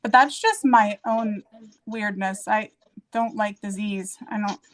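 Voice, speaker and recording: A woman chatting casually in a relaxed way, often trailing off mid-sentence. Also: mid-range voice, takes it slowly. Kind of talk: casual chat.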